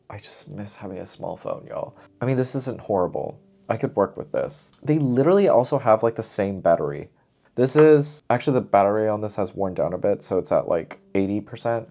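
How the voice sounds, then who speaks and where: Chatty young man, lowish voice. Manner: chatty, animated, says "y'all" a lot, frequent laughs. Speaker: vlogger. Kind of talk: casual chat to camera. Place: lives in Seoul.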